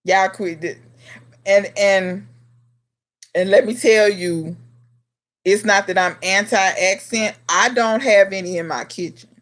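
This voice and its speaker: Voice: medium pitch, takes it slowly, long pauses, fairly bright tone. Chatty gardener hosting a live Q&A. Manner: chatty, talks straight to viewers by name, scolding in a teasing way. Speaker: livestream host and home gardener. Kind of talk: casual live Q&A chat with viewers.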